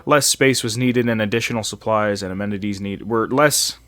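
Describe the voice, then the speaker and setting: A man's voice: lowish voice, fairly quick, a bit bright, dry recording. A man hosting a casual podcast, reading game facts aloud in a loose, swearing, chatty way. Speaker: podcast host.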